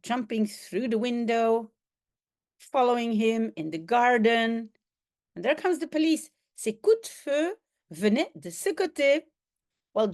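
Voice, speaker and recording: A woman whose first language is Dutch walks her students through a comic book in a fairly high voice. She reads slowly but with a lively, swooping melody, adding little sound effects along the way. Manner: slow, animated reading with sound effects and quoted voices. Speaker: language teacher. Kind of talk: reading a comic aloud and translating.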